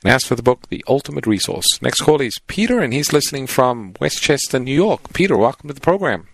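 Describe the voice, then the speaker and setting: A man co-hosting a call-in Bible radio show, reading phone numbers and introducing callers in a brisk announcer manner. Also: medium pitch, very animated, creaky, fairly bright tone, dry recording. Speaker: radio co-host. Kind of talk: announcing calls and offers on radio.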